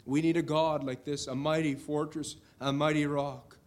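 Middle-aged male preacher, fairly high voice, earnest sermon delivery with emphatic swells. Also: little pitch movement, moderate pace. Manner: earnest preaching, rising to emphatic declarations on scripture.

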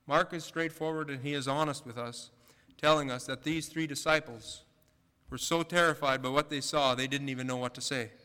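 A man's voice: medium pitch, steady tone, moderate pace, pushed and bright, clean tone. A male pastor delivering a sermon, building emphasis with rhetorical questions. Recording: long hall reverb.

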